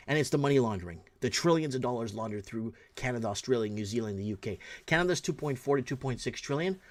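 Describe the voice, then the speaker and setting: A man hosting his own talk show, ranting in solo commentary, blunt and profane and often repeating himself. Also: mid-range voice.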